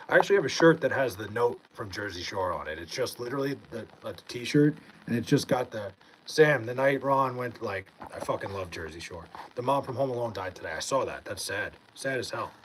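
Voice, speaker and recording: A young man from Long Island, high and laid-back, reading comments aloud in a casual livestream and swearing freely. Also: lively intonation, a little fast, hardly any pauses, a little hiss or hum, low-quality recording. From Long Island, New York.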